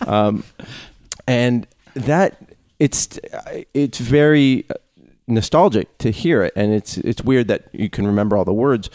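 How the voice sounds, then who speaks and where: A man in his thirties hosting a casual podcast chat, reading listener mail in a relaxed way. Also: medium pitch, a little slow, no room sound. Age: 30s. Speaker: podcast host.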